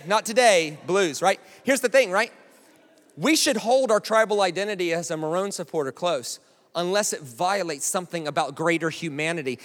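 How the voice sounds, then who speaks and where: An American man preaching a sermon in a chatty, animated way, often checking in with the crowd. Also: high voice. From United States. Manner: conversational, animated, keeps asking "right?". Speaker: pastor. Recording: long hall reverb.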